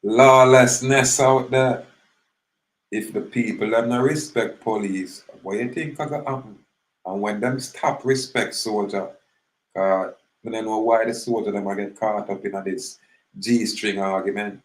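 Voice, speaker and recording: A man's voice: on the low side, steady tone, unhurried, roomy sound, poor audio. A man with a Jamaican accent, talking casually in a rambling monologue that mixes patois and English.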